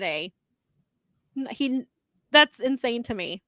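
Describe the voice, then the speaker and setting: A woman's voice: a little high, normal speed, fairly bright tone, dry recording. A woman co-hosting a wrestling podcast in casual chat, rambling through long retellings with lots of fillers. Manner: rambling, filler-heavy retelling of others' remarks. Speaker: podcast co-host.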